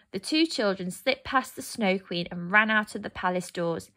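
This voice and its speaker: Woman reading a children's story gently. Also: medium pitch, normal speed, hardly any pauses. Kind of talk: storybook narration.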